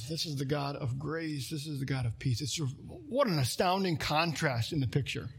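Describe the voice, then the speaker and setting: Middle-aged guy preaching, kinda husky, voice sits a bit high, talks to the room like a friend. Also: a bit bright. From Minnesota. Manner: conversational preaching with asides and jokes. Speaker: pastor. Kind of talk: sermon.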